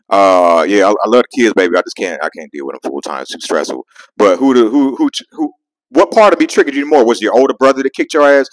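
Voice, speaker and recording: A man telling a profane, animated story on his vlog, full of call-outs and shout-outs, recorded close on a dry mic. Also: lowish voice, dry recording, poor audio. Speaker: vlogger and comedian.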